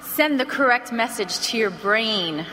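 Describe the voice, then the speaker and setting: A woman with a bright, somewhat high voice leads an animated sales training on stage. Her words ring out with a long hall reverb over faint background noise. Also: measured pace. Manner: energetic, animated, acts out phone calls. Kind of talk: motivational training talk to an audience. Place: large hall with an audience.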